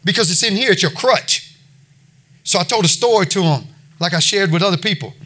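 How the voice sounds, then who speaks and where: A middle-aged man delivering an informal sermon to a congregation. His voice sits high and sounds bright and forward. He talks in a folksy, conversational way, circling back and repeating himself as he makes his points. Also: expressive, a little fast. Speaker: preacher at a recovery ministry.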